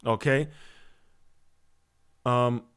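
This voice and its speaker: A man's voice: mid-range voice, fairly even intonation, extremely slow, fairly bright tone, clear, resonant tone. A man giving a motivational talk as a spiritual coach, preachy and full of rhetorical questions, restarting and repeating words as he goes.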